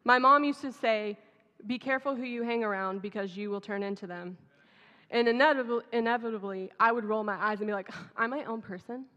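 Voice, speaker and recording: A woman's voice: a little high, brisk, sharp tone. Woman pastor, chatty sermon, dull audio with long church reverb. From Texas. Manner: storytelling, conversational and humorous. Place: church sanctuary.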